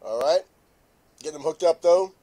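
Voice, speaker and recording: A middle-aged man, whose voice runs high for a male, leads a casual morning live stream at normal speed. He keeps chuckling while saying hello to viewers by name.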